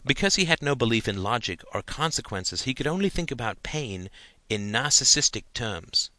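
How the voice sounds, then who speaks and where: A man narrating a novel in a measured, unhurried audiobook reading. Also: medium pitch, animated, sharp tone, no room sound.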